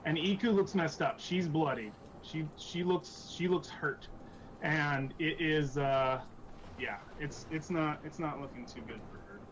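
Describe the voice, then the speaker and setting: A man narrating as game master of a tabletop game, halting and repeating words as he goes. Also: a little high, slight background noise, low-quality recording.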